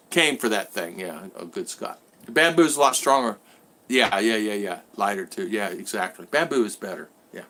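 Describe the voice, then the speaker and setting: A man's voice: on the high side, fairly bright tone. Rambling man chatting on a live stream. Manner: rambling, repetitive, greets chat viewers by name. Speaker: vlogger hosting a live stream. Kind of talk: casual live stream chat. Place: at home in the Philippines.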